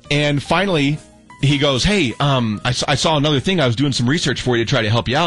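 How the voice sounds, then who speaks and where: A young adult man tells a long story in casual chat, animated and acting out every quote, stumbling over restarts. His voice sits at a middling pitch. Faint music plays behind him. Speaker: storyteller guest.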